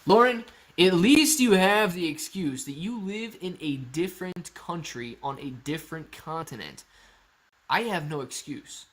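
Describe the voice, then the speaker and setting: Upbeat young guy from Ohio, stock stream host, chatty and joking, a touch higher pitched. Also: lively intonation, measured pace, fairly bright tone. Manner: upbeat, jokey, talks to chat and a dog. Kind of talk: casual live chat reading comments.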